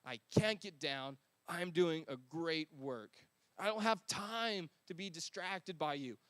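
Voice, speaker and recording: A man voicing a determined male leader who speaks slowly and firmly. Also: a little high, expressive, fairly bright tone, no echo. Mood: resolute. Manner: slow, firm, determined. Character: resolute male leader rebuilding a wall.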